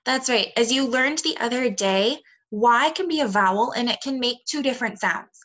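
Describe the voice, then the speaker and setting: A woman teaching young children a phonics lesson, speaking slowly and clearly with encouraging praise. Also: a little high, expressive, a bit bright. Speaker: second grade teacher. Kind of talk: recorded remote phonics lesson.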